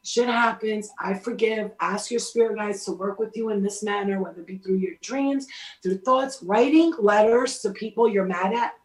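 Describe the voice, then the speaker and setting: A woman's voice: mid-range voice, moderate pace, a little mellow, reverberant, low-quality recording. A woman giving casual spiritual advice in a blunt, emphatic way, swearing freely as she talks.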